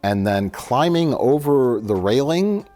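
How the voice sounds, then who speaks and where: A man's voice: mid-range voice, lively intonation, slow, warm tone, soft background music. A man co-hosting a film review show, telling a long annoyed story in casual chat, acting out quotes and swearing freely.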